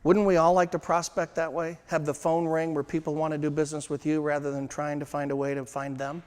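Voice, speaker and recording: A man giving a sales training seminar to a live room, emphatic and slowing down to drive home his points. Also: fairly high pitch, level tone, a little mellow, clear, resonant tone. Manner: emphatic, slows down to stress points. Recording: long hall reverb.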